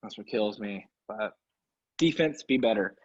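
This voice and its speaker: A man's voice: lowish voice, unhurried, breathy edge. Exasperated man ranting about his team. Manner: exasperated, sarcastic, animated ranting with laughs. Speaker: sports podcast co-host. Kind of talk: casual sports talk rant. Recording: dull lo-fi sound.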